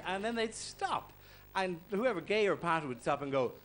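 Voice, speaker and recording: A man with an Irish accent doing a stand-up comedy set, animated and bursting into shouts. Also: fairly high pitch, fast. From Ireland. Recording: noisy live stage recording.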